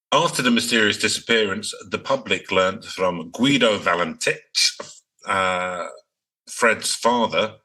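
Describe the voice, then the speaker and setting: A man's voice: on the low side, sharp tone, rough recording. A man co-hosting a podcast, chatting casually and laughing often as he recounts a mystery case. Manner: laughs often while reading out the story. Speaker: podcast co-host.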